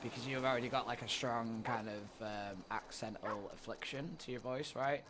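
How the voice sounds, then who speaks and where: A man's voice: mid-range voice, fairly even intonation, moderate pace. Male streamer, mid-range voice, easygoing and rambling, swears freely, light background noise. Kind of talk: casual chat with viewers during a roleplay stream.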